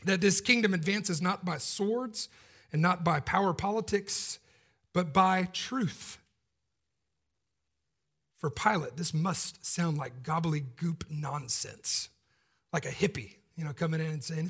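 A man's voice: fairly high pitch, lively intonation, a little slow, sharp tone, husky. A man preaching a sermon in a casual, joking, conversational way.

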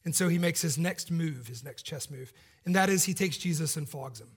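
Husky high-voiced male preacher. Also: brisk. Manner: casual, joking, conversational, self-deprecating. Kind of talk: sermon.

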